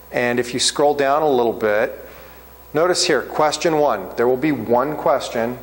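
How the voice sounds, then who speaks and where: A male instructor at a middle pitch explains steps to his class in a relaxed, conversational way, stopping often to check that everyone follows. His voice carries a long reverb from the classroom around him. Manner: casual, checks in often with "okay?". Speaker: accounting instructor. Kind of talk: classroom walkthrough.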